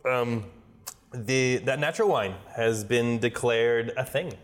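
A man's voice: mid-range voice, takes it slowly, in a large hall. A man co-hosting a casual chat, rambling with lots of fillers and swearing. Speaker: podcast co-host.

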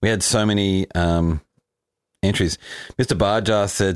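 A man with a fairly low voice banters on a sports podcast, loose and profane and quick to laugh. The sound is dry and close, with no room around it. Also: fairly even intonation, smooth, no echo. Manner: swearing, joking, laughs often. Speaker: podcast co-host.

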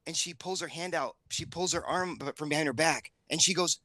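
A middle-aged man tells a story on a casual podcast, his voice bright and forceful. He jumps up in pitch to play the other people in his story. The sound is close and dry. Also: normal speed, dry recording. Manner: animated storyteller, acts out quotes with raised pitch. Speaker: podcast co-host. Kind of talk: casual chat.

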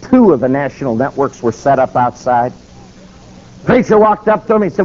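A man preaching, telling a story and acting out the quotes. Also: normal speed. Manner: animated, acts out quotes with shifting pitch. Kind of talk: sermon storytelling. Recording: slightly dull recording with faint noise.

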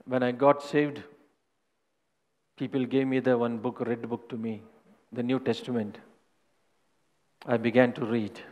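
Pasteur qui prêche dans une grande salle réverbérante. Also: male voice, medium pitch, flat delivery, unhurried, pauses often, a little mellow, big-room sound. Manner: earnest testimony, repeating phrases. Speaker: pastor. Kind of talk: sermon.

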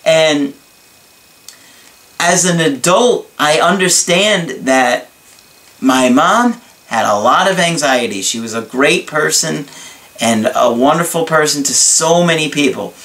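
A man from New York telling a personal story to his viewers in an earnest, reflective and halting way. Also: fairly high pitch, animated, fairly bright tone. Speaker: relationship video creator. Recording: voice somewhat far from mic.

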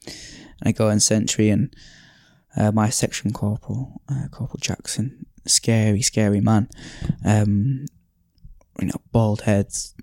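A man's voice: fairly low pitch, steady tone, measured pace, a little mellow, no room sound, studio quality. A man hosting a podcast, telling a story in a reflective, casual way with frequent sighs and fillers. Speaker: podcast host. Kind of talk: casual storytelling and reading aloud.

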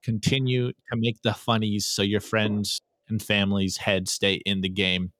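A man hosting a podcast, reviewing memes in casual, energetic chat and often repeating words as he starts sentences. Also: lowish voice, unhurried, dry recording, studio quality. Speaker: podcast host.

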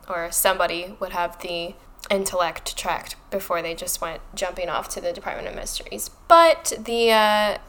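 Animated sarcastic woman co-host. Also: medium pitch. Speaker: podcast co-host. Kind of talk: casual chat recapping a book.

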